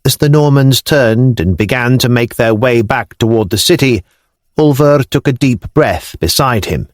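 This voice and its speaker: A man narrating an audiobook in a measured, expressive way, recorded on a close studio mic. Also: mid-range voice, no echo. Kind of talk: scripted narration.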